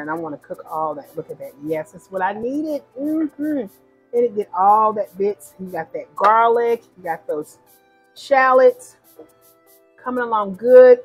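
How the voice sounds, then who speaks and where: A woman talks viewers through a recipe at her home stove, narrating each step in a chatty, casual way. Her voice is husky and a little breathy, with a middling pitch. Soft music plays faintly behind her. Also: low-quality recording. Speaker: home cook. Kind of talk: casual cooking demonstration.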